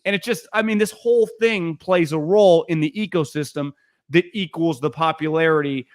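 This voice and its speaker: Animated man hosting sports talk, slightly high voice. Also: dry recording, clean studio sound. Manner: animated storyteller, quick asides. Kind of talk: casual sports talk chat.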